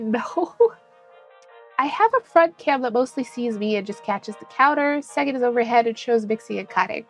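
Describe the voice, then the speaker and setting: A young woman streaming, chatting with her viewers in a bubbly, giggly voice that she pitches above her natural one. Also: moderate pace, faint music behind. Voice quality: put-on higher bright stream voice. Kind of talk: casual live-stream chat.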